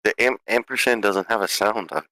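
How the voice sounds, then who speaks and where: A man chatting as a tabletop game player, joking and teasing, quick to laugh. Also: fairly low pitch, pushed and bright, no room sound. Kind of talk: casual podcast chat.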